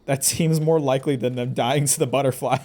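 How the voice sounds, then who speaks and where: A man's voice: mid-range voice, fairly even intonation, brisk, darkish tone. A man streaming a game live, joking and trash-talking the boss and characters as he plays. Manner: jokey, talks back at the game. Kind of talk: live gameplay commentary.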